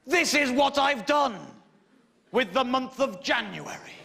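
An English man doing stand-up, telling a story in an exasperated, sweary way that bursts into shouting. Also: extremely high pitch. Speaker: stand-up comedian. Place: comedy stage before a live audience. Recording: echoey live venue with loud audience. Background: audience laughter.

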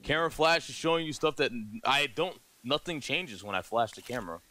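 A young man streaming a horror game, jumpy and excitable, swearing often as he plays. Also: mid-range voice, fairly quick. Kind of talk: live gaming stream commentary.

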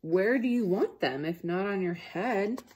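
A woman reading as a calm, helpful storybook pig. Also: medium pitch, unhurried, slight background noise, close to an everyday voice. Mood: questioning. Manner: patient, reassuring advice. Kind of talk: reading a picture book aloud to children.

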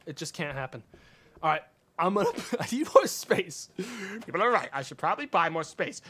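A male streamer giving live game commentary, exasperated and swearing, with sudden yells. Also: sits high.

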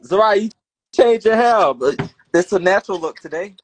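A man's voice: high voice, lively intonation, normal speed, a little hiss or hum, poor audio. A man co-hosting a casual chat show, joking and laughing often. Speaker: host.

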